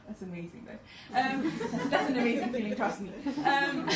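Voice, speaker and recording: A woman's voice: high-pitched, expressive, measured pace, few pauses, crowd noise. Chatty, self-mocking young woman presenting. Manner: chatty, self-deprecating, laughing often. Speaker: medical student presenter. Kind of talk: presentation to an audience. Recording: echoey room, distant mic, faint noise.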